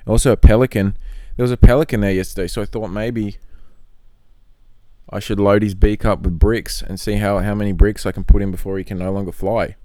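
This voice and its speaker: A man's voice: on the low side, steady tone, a little fast, darkish tone, no room sound. A man casually rambling through a solo podcast monologue, full of swearing and offhand jokes. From not from Australia. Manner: rambling, profane, joking. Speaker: podcast host. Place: in Australia.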